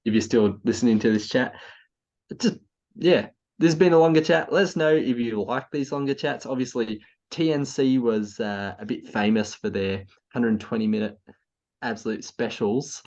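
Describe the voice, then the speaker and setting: An Australian man, tipsy from beer, co-hosts a casual footy podcast, gushing and giggling. His voice is medium-pitched with a darkish tone and moderate pace. The lo-fi recording sounds slightly muffled.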